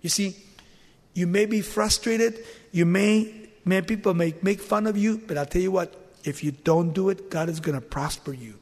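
A man's voice: moderate pace, darkish tone, in a large hall. A man preaching a sermon, dramatically acting out the lines he quotes, with sudden jumps in volume. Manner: dramatic, acts out quoted lines with big swings in pitch and volume.

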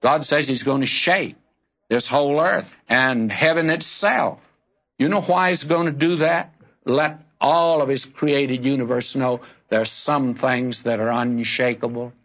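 A man's voice: medium pitch, a little slow, a bit bright. An earnest man preaching a sermon, speaking straight to his listeners and calling them friend. His voice sits in a middle register. The recording sounds dull and lo-fi, with the top end rolled off. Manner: earnest, direct, addresses listeners as friend and brother.

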